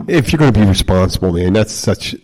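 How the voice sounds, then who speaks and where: A man co-hosting a casual podcast, telling a story in a profane, animated way and acting out the quotes. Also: low-pitched, fast, rough recording. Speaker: podcast co-host.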